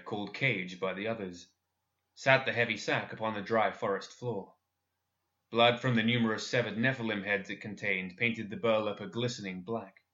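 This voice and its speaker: A man narrating a dark fantasy story in a measured, expressive audiobook style. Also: on the low side, dull audio.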